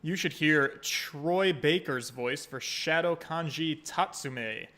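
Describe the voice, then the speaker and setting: A man's voice: on the high side, slow pace, sharp tone. A man streaming a story game, commenting casually in a crude, joking way.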